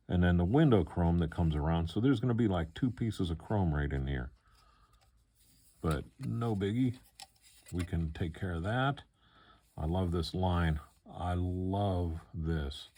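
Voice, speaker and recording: An older man chatting casually as he unboxes a model car kit, relaxed and rambling, with lots of fillers. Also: low voice.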